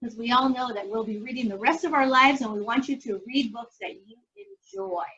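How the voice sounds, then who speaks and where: High, bright teacher making announcements. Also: female voice, expressive, brisk, breathy edge, lo-fi sound.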